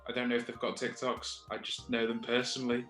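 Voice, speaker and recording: A man's voice: mid-range voice, completely flat delivery, quick pace, fairly bright tone, faint music behind. A man co-hosting a podcast, dry and blunt, swearing casually. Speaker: podcast co-host. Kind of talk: casual chat. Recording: echoey room.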